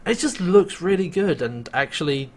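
Casting: male podcast co-host, casual and animated, laughs a lot as he recaps. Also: on the high side, normal speed. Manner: animated, laughs often, acts out quoted lines.

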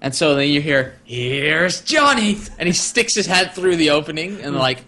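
A man co-hosting a casual chat, retelling a TV episode with expressive storytelling and animated quoting of characters. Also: a little high, a little fast. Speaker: podcast co-host recapping a TV episode.

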